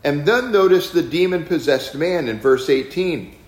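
A man teaching a Bible study lesson in an emphatic, animated way, often repeating key words. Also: a little high, normal speed, heavy reverb, poor audio.

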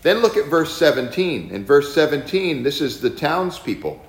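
A man teaching a Bible study lesson in an emphatic, animated way, often repeating key words. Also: a little high, normal speed, heavy reverb, poor audio.

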